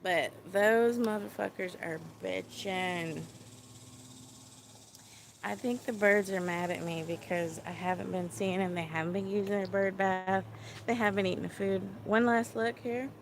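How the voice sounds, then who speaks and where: A woman's voice: medium pitch, steady tone, a little slow, vocal fry, slight background noise. A tipsy woman vlogging into a handheld phone, chatty and profane, rambling as she thinks aloud. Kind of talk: casual rambling vlog.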